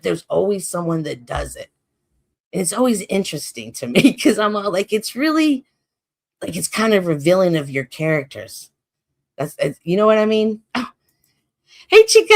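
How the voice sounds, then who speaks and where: Heated, profane woman live-streamer. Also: medium pitch. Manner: profane, heated, talks straight to chat. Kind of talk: casual live-stream rant.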